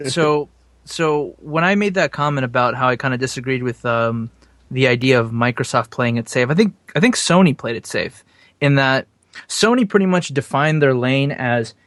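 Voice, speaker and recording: A man's voice: medium pitch, lively intonation, normal speed, a bit bright, no echo, studio quality. A man co-hosting a podcast, laying out his views in long explanatory turns in casual talk. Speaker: podcast co-host.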